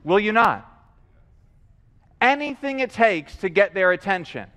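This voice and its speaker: A man preaching a sermon in a lively, animated way, acting out voices and repeating himself as he builds a point. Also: sits high, measured pace. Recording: long hall reverb.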